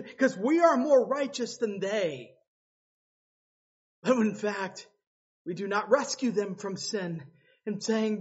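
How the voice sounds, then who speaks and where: A man preaching a sermon with passion, swinging from loud pleading cries to low hushed tones. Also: expressive, slow pace, slightly rough. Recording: slightly dull lo-fi sound.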